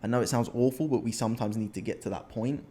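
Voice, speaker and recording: Candid young man from the uk, lively storytelling voice, repeats phrases for effect. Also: medium pitch, fast. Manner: animated storyteller, repeats himself, acts out scenes. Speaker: podcast co-host, men's coach. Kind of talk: candid casual chat.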